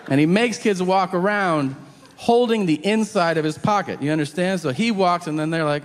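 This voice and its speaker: A man doing a stand-up set, acting out people in loud, high voices. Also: normal speed, slight background noise. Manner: animated, acts out characters in loud high voices. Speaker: stand-up comedian. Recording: long hall reverb, faint ambience.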